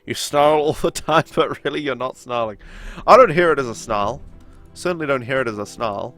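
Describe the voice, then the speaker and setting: A man's voice: medium pitch, animated, normal speed, a bit bright, faint music behind. A young man with a nasal voice and a sore throat, chatting casually as he streams a game and answers his viewers. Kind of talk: casual chat during a live game stream.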